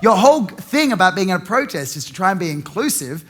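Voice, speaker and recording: Young aussie guy doing standup, sarcastic, swears a lot, kinda high pitched. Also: very animated, fast talker, fairly bright tone, breathy edge, faint music behind. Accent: Australian. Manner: sardonic, swears freely, mocks with put-on voices. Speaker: stand-up comedian. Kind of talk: stand-up comedy set.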